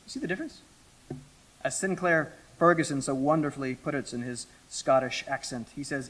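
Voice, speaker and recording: Bright-voiced man preaching with dramatic swings. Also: a little high, animated. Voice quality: emphatic, dramatic pauses, swings from loud to hushed. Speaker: pastor. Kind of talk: expository sermon.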